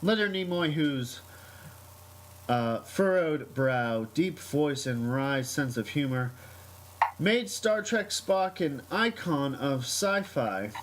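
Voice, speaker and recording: Podcast host reading the news out loud, lots of ums and uhs, chatty. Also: medium pitch, lively intonation, takes it slowly, a little hiss or hum, rough recording. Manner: hesitant, many ums and uhs. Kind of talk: casual podcast chat, reading news aloud.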